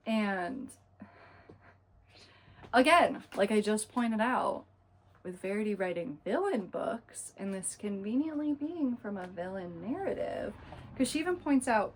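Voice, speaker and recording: A young woman recapping a book in a casual, chatty way, full of fillers and quick asides. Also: medium pitch, animated, slightly rough. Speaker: book reviewer.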